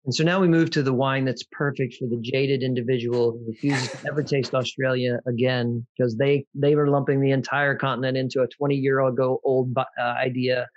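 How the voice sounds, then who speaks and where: A man with a medium-pitched voice hosting a wine tasting. He explains things in a relaxed, conversational way and turns now and then to speak to his listeners. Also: moderate pace, hardly any pauses, muffled recording. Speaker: host.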